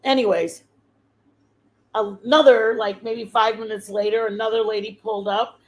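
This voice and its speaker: A woman's voice: medium pitch, fairly even intonation, moderate pace, low-quality recording. Rambling, heartfelt woman telling a story. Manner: rambling, full of fillers and restarts. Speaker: channel host sharing a testimony. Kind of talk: emotional personal storytelling.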